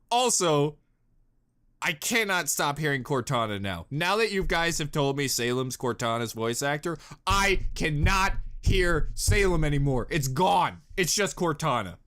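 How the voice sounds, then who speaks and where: Male reaction host, bright, leisurely, goofy and exclamatory. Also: a little high. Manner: goofy, exclamatory, jumps between mutters and yells. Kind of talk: casual reaction commentary.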